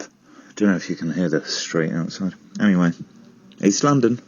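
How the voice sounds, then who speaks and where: A man's voice: sits low, animated, unhurried, a little mellow, breathy edge, muffled recording. A man presenting a comic podcast segment, rambling with self-mocking, sweary asides.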